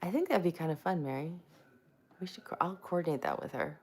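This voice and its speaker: A woman's voice: on the low side, expressive, brisk, husky. A woman hosting a casual live stream, chatty and self-mocking, greeting viewers by name.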